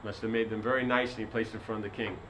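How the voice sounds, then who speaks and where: A man's voice: on the low side, level tone, very fast, fairly bright tone, slight background noise, low-quality recording. A man giving a sermon as a spiritual teacher, telling a story in a rambling way full of "you know".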